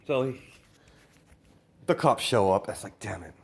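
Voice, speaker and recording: A man's voice: mid-range voice, animated, unhurried. Rambling man improvising a story. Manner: rambling, full of "you know" fillers. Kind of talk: improvised fan story narration.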